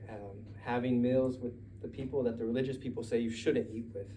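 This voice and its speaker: Mexican american man, live storyteller, chatty and digressive, mellow dark voice, distant mic, faint ambience. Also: mid-range voice, a little hiss or hum. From United States. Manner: conversational, digressive, laughing asides. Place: live story night venue.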